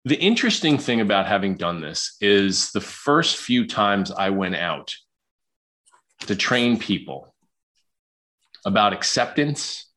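Speaking slowly and pausing often, a Queens-born psychologist gives a chatty podcast interview in a fairly low, slightly bright, animated voice. He habitually repeats words when launching into a sentence.

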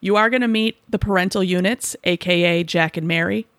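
A woman in her forties from the Boston suburbs, co-hosting a podcast with playful, teasing banter and quick interjections. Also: on the low side, a bit bright, no echo, clean studio sound. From Boston suburbs, USA. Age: 40s. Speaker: podcast co-host. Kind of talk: casual comedic podcast banter.

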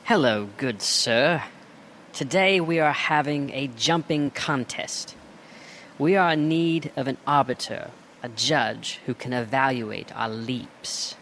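A man's voice: mid-range voice, takes it slowly, fairly bright tone, slight background noise, pitched above the performer's own voice. A man voicing a polite, formal male chimpanzee with a British accent, speaking in a courteous and precise way.

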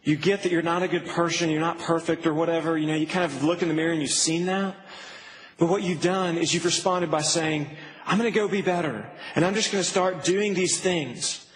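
Male pastor, high voice, earnest sermon delivery, faint hiss in a reverberant hall. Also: fairly even intonation, brisk. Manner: earnest preaching, rising to emphatic peaks.

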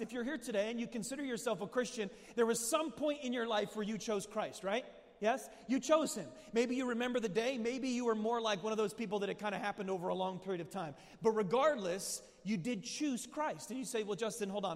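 A man preaching a sermon to a live audience, emphatic and full of questions to the crowd, rising to shouts. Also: high-pitched. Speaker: pastor. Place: large hall with audience. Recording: long hall reverb.

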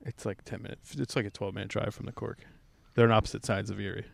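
A man's voice: lowish voice, little pitch movement, fast talker, gravelly, dry recording. A young man hosting a podcast, joking and teasing in casual chat. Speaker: podcast host.

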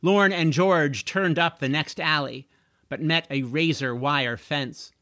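Slow, bright-voiced male audiobook narrator. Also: on the high side, no echo, clean studio sound. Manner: slow, expressive storytelling.

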